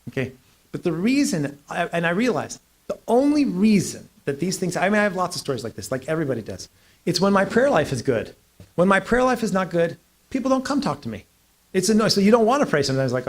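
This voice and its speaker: A middle-aged man giving a lecture, telling stories with jokes, emphatic asides and quick restarts. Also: high-pitched, sing-song. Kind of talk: lecture with anecdotes.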